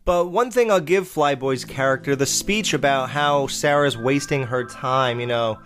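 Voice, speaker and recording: A man's voice: mid-range voice, normal speed, fairly bright tone, faint music behind. A man in a casual horror-film review monologue, blunt and profane, exclaiming and mocking the characters. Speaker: podcast host reviewing horror films.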